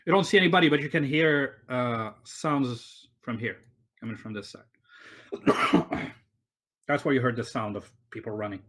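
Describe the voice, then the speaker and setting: Male game master on an online call, mid-pitched, rambling, filler-heavy narration. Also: moderate pace, pauses often, a bit bright. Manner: rambling, with many fillers and restarts.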